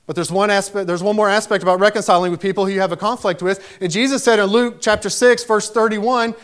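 A man's voice: high-pitched, fairly even intonation, brisk, fairly bright tone. A man preaching a sermon, telling a personal story with emphatic delivery that rises to raised exclamations.

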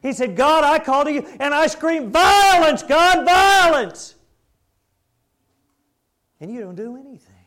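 A man's voice: sits high, very animated, unhurried, hardly any pauses, slightly rough, exaggerated voice. A man doing an outraged, pleading prophet. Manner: shouting, incredulous protest. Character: anguished male prophet pleading with God.

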